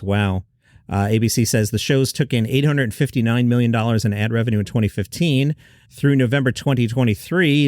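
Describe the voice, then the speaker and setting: A man's voice: mid-range voice, darkish tone, no echo, clean studio sound. A man hosting a comedy news show, reading headlines and adding sarcastic, incredulous asides. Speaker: host.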